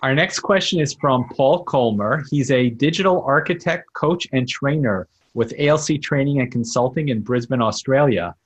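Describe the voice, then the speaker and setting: A man's voice: medium pitch, normal speed, hardly any pauses, husky. A man hosting the show, reading out introductions of the next questioner in a plain, announcing way. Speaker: show host.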